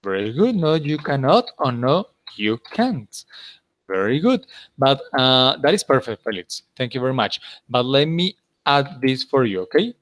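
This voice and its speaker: A man's voice: medium pitch, sing-song, a little slow, fairly bright tone, no room sound. Patient male English teacher, dry sound. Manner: patient, explains step by step, checks with "okay?". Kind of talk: online class instruction.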